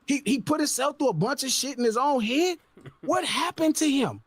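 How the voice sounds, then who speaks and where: A man on a podcast ranting loudly and incredulously, with heavy swearing. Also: very high-pitched, expressive, moderate pace, no room sound. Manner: loud, profane, incredulous ranting. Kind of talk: heated podcast rant.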